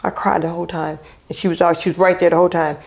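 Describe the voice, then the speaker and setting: A middle-aged woman talks as a guest in a casual chat. She speaks in a somewhat low voice, softly and reflectively. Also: level tone, racing, vocal fry.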